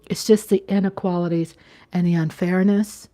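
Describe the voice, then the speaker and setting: A middle-aged woman hosting a casual livestream from home, chatting with viewers, reading their comments aloud, laughing often and sometimes dropping into a hushed whisper. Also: lowish voice, fairly even intonation, moderate pace. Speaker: livestream host. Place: home, at night.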